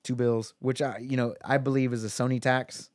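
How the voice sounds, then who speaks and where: A man's voice: medium pitch, level tone, moderate pace, a little mellow, dry recording, studio quality. A man co-hosting a podcast, rambling casually with lots of fillers. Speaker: podcast co-host. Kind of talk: casual chat.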